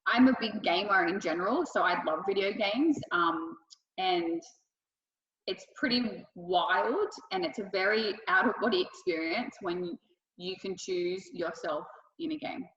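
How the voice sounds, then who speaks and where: A woman's voice: medium pitch, animated, a little slow, fairly bright tone, echoey room, long reverb tail, lo-fi sound. A young woman with a thick Australian accent, answering interview questions with effusive enthusiasm and lots of fillers. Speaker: wrestler.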